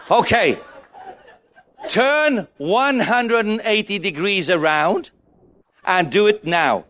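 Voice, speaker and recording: A male preacher delivering a sermon in a high-pitched voice that leaps up and down. He urges the congregation to shout their answers. He keeps it playful, acting out small scenes as he goes. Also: lively intonation, slow pace, a little hiss or hum. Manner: exhorting, calls on the congregation to shout; playful, jokes and acts out little scenes.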